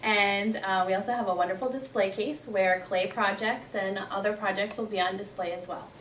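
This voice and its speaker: A woman's voice: medium pitch, steady tone, moderate pace, a little hiss or hum. A woman working as a recreation therapist, talking in a casual interview with many ums and restarts. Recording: roomy sound from a distant mic, soft music under.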